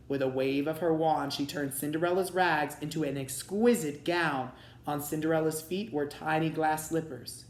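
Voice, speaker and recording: A man reading a children's storybook aloud in a steady, expressive way. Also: fairly high pitch, moderate pace. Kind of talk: read-aloud storybook narration. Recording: roomy echo.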